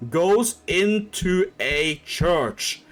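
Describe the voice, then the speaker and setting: Young man, streamer, rambling comedic retelling, lively pitch, slightly high voice, swears a lot. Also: extremely slow, soft background music. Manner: rambling, heavy on filler words and swearing.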